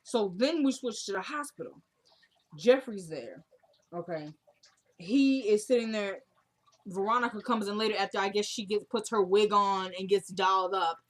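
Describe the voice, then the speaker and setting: A woman's voice: mid-range voice, normal speed. Casual woman recapping a TV episode. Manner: retells scenes quoting characters, gets excited and loud. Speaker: TV show recapper.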